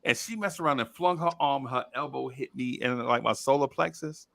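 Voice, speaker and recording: A man's voice: medium pitch, normal speed, gravelly, dry recording, clean studio sound. A middle-aged man, a podcast co-host telling childhood stories in casual chat and acting out the voices. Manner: animated storyteller, acts out voices loudly.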